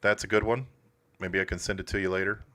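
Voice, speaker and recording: A man's voice: sits low, steady tone, fast talker, bright, forceful tone. A man hosting a casual car livestream from his auto shop, talking bluntly and swearing often. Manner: blunt and profane, laid-back shop talk. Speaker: host of a classic car livestream. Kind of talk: casual live commentary.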